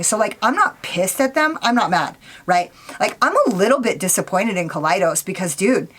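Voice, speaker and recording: A woman makeup vlogger ranting casually, blunt, opinionated and full of swearing. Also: mid-range voice. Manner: speeds up for a quick sign-off. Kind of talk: casual vlog rant.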